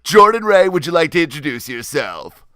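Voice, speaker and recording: A man's voice: very animated, normal speed, pushed and bright. A man putting on an over-eager male game-show announcer voice for a mock show introduction. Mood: grandiose. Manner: booming, theatrical and drawn out. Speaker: host.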